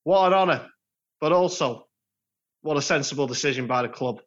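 A man's voice: fairly high pitch, brisk. A man co-hosting a casual podcast with dry, mock-formal humour. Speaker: podcast co-host. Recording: dull lo-fi sound.

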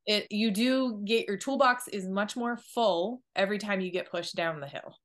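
A woman's voice: medium pitch, moderate pace. A woman co-hosting a wellness podcast who reassures and coaches her partner in an upbeat, encouraging way. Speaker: podcast co-host.

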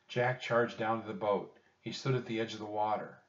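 A man reading a children's chapter book aloud with expressive storytelling. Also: lowish voice, normal speed. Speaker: audiobook reader. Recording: distant roomy dull home recording.

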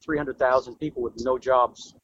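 A man's voice: medium pitch, normal speed, dull audio, slight background noise. A man from Florida, a singer-songwriter guest, telling a story earnestly in a casual interview. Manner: earnest storyteller, lively emphasis.

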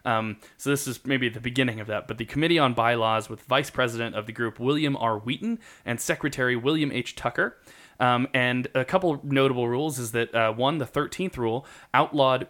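A man's voice: medium pitch, a little fast, fairly bright tone. A man co-hosting a podcast, chatting casually and rambling with lots of filler words. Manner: rambling, with lots of ums and likes. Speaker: podcast co-host. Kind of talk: casual chat.

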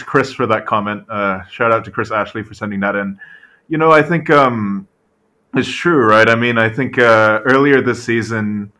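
Chatty man, bright forceful tone. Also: mid-range voice. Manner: animated, full of "right?" tag questions and fillers. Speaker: podcast co-host. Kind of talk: casual sports podcast chat.

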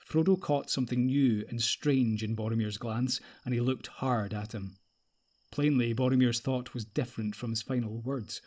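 A male audiobook narrator reads a story in a steady, even manner. His voice sits at an average pitch for a man, and the pace stays unhurried and measured throughout. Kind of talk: scripted narration.

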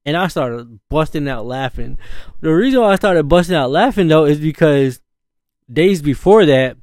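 A man's voice: a little high, animated, normal speed, darkish tone, no echo, clean studio sound. A man telling a casual story as a parent. His talk is loose and slangy, full of "you know" asides and laughs.

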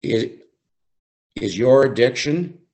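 A man leading a faith-based recovery group, teaching slowly and reflectively, often repeating phrases for emphasis. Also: medium pitch, lively intonation, darkish tone. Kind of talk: devotional teaching.

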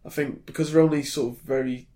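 A British man chats loosely about films as a podcast co-host. His voice sits at an ordinary middle pitch. He rambles, stumbles over his words and starts sentences over. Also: steady tone, fast talker, dark tone. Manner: chatty, rambling, frequent restarts and ums. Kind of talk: casual film chat.

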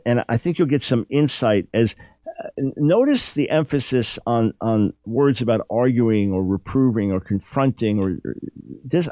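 A man's voice: a little mellow, no echo. Earnest man teaching the Bible. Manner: earnest, emphatic, rises in pitch when dramatizing. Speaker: radio show host. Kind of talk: Bible teaching on talk radio.

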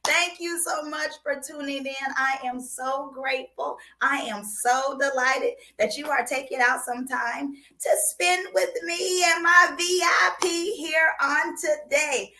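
A woman's voice: high-pitched, unhurried, hardly any pauses, sharp tone. A woman hosting a chat show, bubbly and playful, laughing often and breaking into song. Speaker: podcast host.

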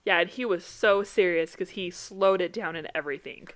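A woman's voice: lowish voice, normal speed, a bit bright. A young woman co-hosting a casual podcast, telling funny family stories and laughing often. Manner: laughs often, chatty storytelling. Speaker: podcast co-host. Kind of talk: casual chat.

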